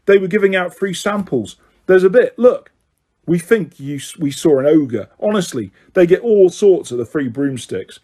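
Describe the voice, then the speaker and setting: A man reading an audiobook, voicing an excited, chatty teenage boy. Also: high voice, moderate pace. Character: cheerful teenage boy, eager friend.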